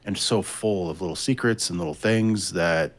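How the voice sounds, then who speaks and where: Man, co-host, low voice, casual gaming chat, swears, trails off. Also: moderate pace. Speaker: podcast co-host.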